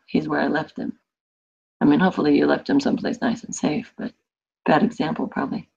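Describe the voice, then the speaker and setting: A woman's voice: deep voice, steady tone, fairly quick, creaky, darkish tone, husky. Chatty woman teaching a class, lo-fi. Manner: chatty, explains with examples and asides. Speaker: Spanish teacher. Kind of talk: online class instruction. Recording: dull lo-fi audio.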